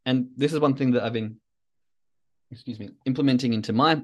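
A man's voice: medium pitch, brisk, pauses often. Man rambling through a reflective podcast monologue. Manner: rambling, reflective, self-coaching. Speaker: podcast host.

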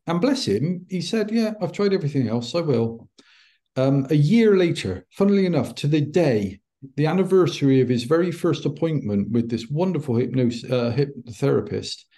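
A middle-aged man, a podcast guest, telling a personal story in an animated way and acting out the dialogue. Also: medium pitch. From United Kingdom. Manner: animated, acts out quoted dialogue. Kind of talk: anecdotal storytelling.

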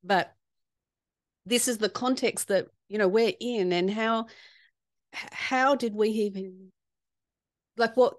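A woman co-hosts a faith podcast, mid-pitched and measured. She gives steady affirmations and is recorded close and dry. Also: dry recording. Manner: attentive listener, frequent affirmations. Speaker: podcast co-host.

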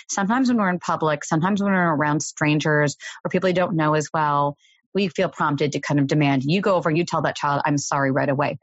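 Calm low-voiced woman giving parenting advice. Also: dry recording, dull audio. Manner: calm, explanatory, measured. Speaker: parenting podcast host. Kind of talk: advice talk.

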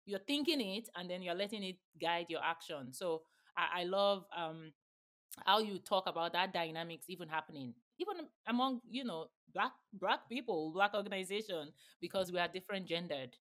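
A woman's voice: on the low side, lively intonation, normal speed, fairly bright tone. A woman in her thirties hosting an interview podcast, affirming her guest and thinking aloud as she talks. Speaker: podcast host. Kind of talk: conversational interview.

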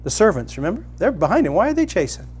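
Middle-aged male pastor, sermon storytelling, animated, slightly high voice, faint hum. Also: fast talker. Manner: animated, rising to loud excited emphasis.

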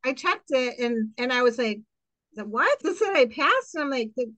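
A middle-aged woman, an occupational therapist, telling her story in a casual podcast interview, animated and full of fillers and quoted voices. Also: sits high, moderate pace, no room sound, muffled recording.

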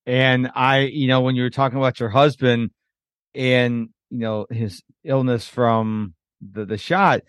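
A man's voice: mid-range voice, steady tone, measured pace, clear, resonant tone, dry recording, clean studio sound. A middle-aged man hosting a podcast, talking in an emphatic, motivational way. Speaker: podcast host. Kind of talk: casual podcast conversation.

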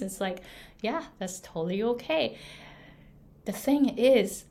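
Slow easygoing lady, talking thru her pronunciation tips, lots of "right?" and little laughs. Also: mid-range voice. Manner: relaxed, repeats "right?" and laughs often. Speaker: pronunciation coach and podcast host. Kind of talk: casual solo episode monologue.

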